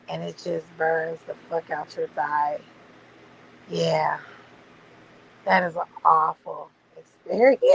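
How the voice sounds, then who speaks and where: A woman's voice: on the low side, creaky, slight background noise, rough recording. A woman hosting a casual livestream, chatting loosely with her viewers and swearing freely. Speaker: livestream host. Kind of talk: casual late-night livestream chat.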